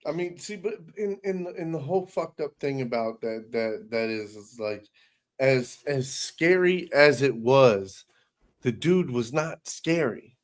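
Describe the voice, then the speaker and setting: A man's voice: mid-range voice, lively intonation, unhurried. A man co-hosting a podcast in casual chat, swearing freely and rambling with lots of restarts. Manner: profane, rambling with many restarts. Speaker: podcast co-host.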